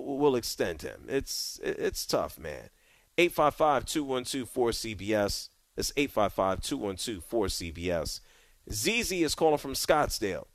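A man hosting a call-in sports radio show, talking in an animated, conversational way with drawn-out emphasis. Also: medium pitch, no room sound. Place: radio studio.

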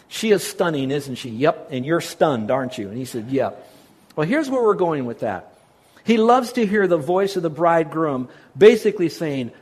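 A man preaching a sermon as pastor, talking conversationally and stressing key words, sometimes asking the congregation to answer back. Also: on the high side. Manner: conversational, asks the congregation to respond.

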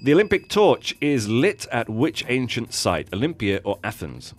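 A man's voice: medium pitch, moderate pace. A man hosting a radio show, playfully running a quiz and chatting with a guest. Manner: lively, playful quizmaster. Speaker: radio host.

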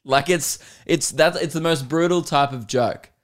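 A young man hosting a comedy podcast, telling animated stories with swearing and frequent laughter. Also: a little high, moderate pace. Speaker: podcast host.

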